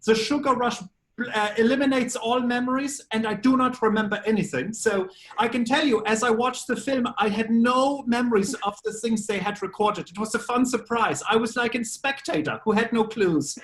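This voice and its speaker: A man's voice: very high voice, normal speed, fairly bright tone. Quirky German man in a press interview. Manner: playful, quirky offbeat phrasing. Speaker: voice actor guest.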